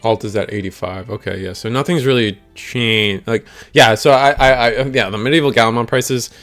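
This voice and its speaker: A man's voice: medium pitch, normal speed, fairly bright tone, soft background music. A young man hosting a stream, giving casual, rambling live commentary on a card game and chatting with viewers in slang. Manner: rambling and slangy, talks to chat.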